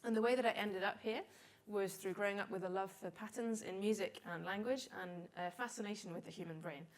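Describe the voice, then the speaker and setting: Woman, 40s, conference speaker; mid-pitched, chatty, self-deprecating, lots of fillers. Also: a little fast. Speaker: conference speaker, data visualization consultant. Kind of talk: conference talk.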